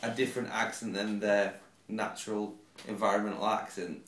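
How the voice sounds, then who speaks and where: A man's voice: on the low side, little pitch movement, normal speed, a bit bright. A man co-hosting a podcast, talking casually and rambling through theories with bets. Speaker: podcast co-host. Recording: roomy sound, mic at a distance, faint noise.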